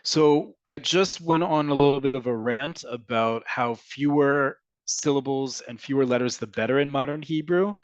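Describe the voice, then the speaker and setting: Male language teacher, mid-pitched, lively explainer, dry close-mic sound. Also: moderate pace, few pauses, no echo, dull audio. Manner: explanatory, animated, answers questions as they come in. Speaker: Hebrew teacher. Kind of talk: online language class.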